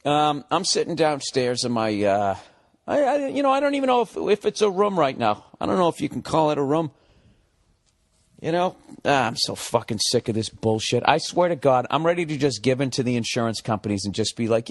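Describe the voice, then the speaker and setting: A man's voice: mid-range voice, sing-song, fairly quick, no room sound, studio quality. A man hosting his own podcast from a room at home, ranting sarcastically and swearing a lot. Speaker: podcast host. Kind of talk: solo comedic podcast rant.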